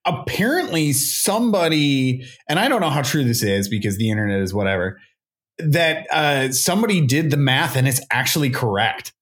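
Animated man swooping up and down. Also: mid-range voice, moderate pace. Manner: animated, swooping, jokey storytelling. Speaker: podcast co-host. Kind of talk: casual chat.

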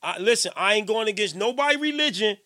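A middle-aged man hosting a radio show, talking in a casual, preachy monologue that swings between loud emphasis and quiet, repeating himself as he goes. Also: sits high, lively intonation, fast, no room sound, clean studio sound. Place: radio station studio.

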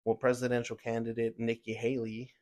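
Male podcast host, mid-pitched, heated opinionated news rant full of fillers. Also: completely flat delivery, brisk, darkish tone. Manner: heated, ranting, with many fillers and restarts.

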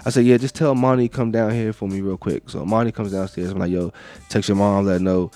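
A man's voice: fairly low pitch, fairly even intonation, brisk, mellow. A middle-aged man co-hosting a podcast, telling a long casual story full of fillers and profanity. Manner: loose, rambling storyteller with frequent profanity and fillers. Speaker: podcast co-host.

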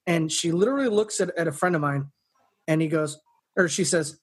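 A man's voice: a little high, animated, brisk, slightly rough. A man co-hosting a podcast in casual chat, telling rambling stories with many restarts. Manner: rambling storyteller, restarts often. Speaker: podcast co-host.

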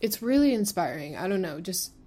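A woman's voice: on the low side, big pitch swings, a little fast, dark tone. A woman in her twenties hosting a solo podcast, talking frankly and rambling, with lots of fillers and swearing. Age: 20s. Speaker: podcast host. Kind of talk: candid solo podcast talk.

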